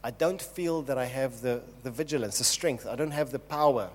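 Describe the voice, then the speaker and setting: A man's voice: medium pitch, normal speed. A man preaching a sermon, earnest and emphatic, speaking directly to his congregation. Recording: long hall reverb.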